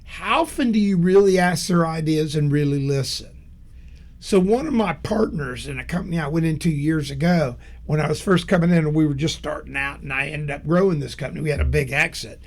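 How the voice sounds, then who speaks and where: Middle-aged man, fairly high voice, emphatic motivational speaker, blunt storytelling. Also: fairly quick. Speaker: business speaker. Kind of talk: motivational business talk.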